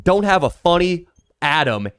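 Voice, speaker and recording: A man's voice: high voice, very animated, normal speed, fairly bright tone, clean tone, no echo, studio quality. A man co-hosting a podcast, trading crude, sardonic, mock-grand riffs in casual banter. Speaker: podcast co-host.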